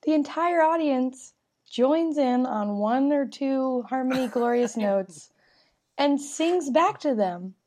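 A woman co-hosting a relaxed conversation. She teases her co-host in a dry, offhand way. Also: high-pitched, slow. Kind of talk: casual chat.

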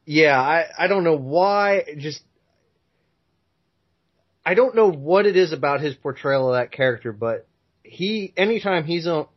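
A man co-hosting a podcast in casual chat, easygoing and measured, often hedging his opinions. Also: on the high side, lively intonation. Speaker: podcast co-host. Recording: dull lo-fi sound.

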